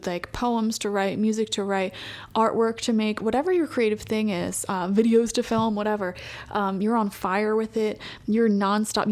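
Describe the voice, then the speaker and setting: A young woman giving a pick-a-card tarot reading to viewers, chatty and emphatic, getting worked up as she talks. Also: mid-range voice. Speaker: tarot reader.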